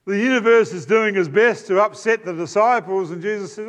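His sermon is conversational: the man, who has a New Zealand accent and a voice that sits high, stops with fillers and breaks off into asides to the congregation.

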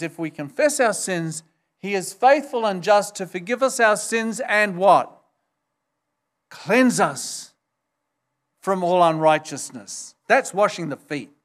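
A man delivering a sermon in a high, light voice at an unhurried, measured pace. He leans on key words, pushing up into sharp exclamations, and acts out the quoted lines with extra lift. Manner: emphatic, rising to high exclamations for stress; acts out quoted dialogue in a raised voice. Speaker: pastor.

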